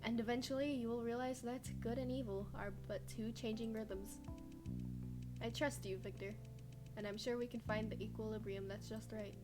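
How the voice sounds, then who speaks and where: A woman voicing an earnest young man who speaks formally and calmly. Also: on the high side, normal speed, close to an everyday voice. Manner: calm, earnest, formal speech. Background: game music.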